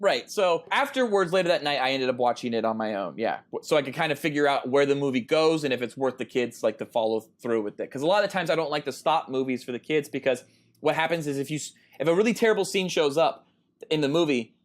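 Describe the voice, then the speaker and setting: A man's voice: a little high, animated, fast. A man in his thirties co-hosting a casual podcast, telling a long story in a rambling way with lots of ums and uhs. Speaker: podcast co-host.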